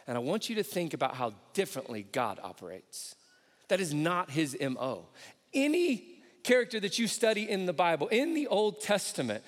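A man preaching a sermon, telling Bible stories casually and acting out the characters' voices, then dropping low and slow for key points. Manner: animated storytelling, acts out voices of biblical characters. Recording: long hall reverb.

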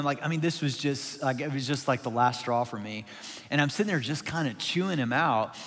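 A man's voice: mid-range voice, a little fast, a bit bright. Forties guy, pastor, rambly honest storytelling, um and like a lot, reverby room. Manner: candid, self-deprecating, many fillers and restarts. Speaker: pastor and podcast co-host. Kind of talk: casual conversational storytelling.

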